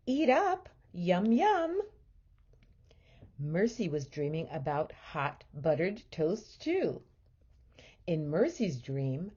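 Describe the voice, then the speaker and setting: Slow, expressive woman reading a storybook. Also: low-pitched, husky, lo-fi sound. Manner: gentle, expressive reading for children. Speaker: teacher. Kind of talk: storybook read-aloud.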